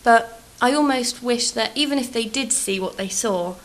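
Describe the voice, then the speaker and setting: A woman's voice: a little high, normal speed, low-quality recording. A British woman in her thirties telling rambling, self-deprecating stories in a casual game-build vlog. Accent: British English. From England. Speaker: vlogger.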